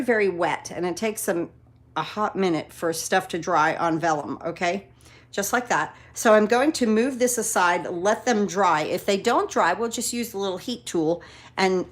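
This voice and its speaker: A woman demonstrating card-making in a casual craft tutorial, talking in a chatty, encouraging way with many fillers. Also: mid-range voice.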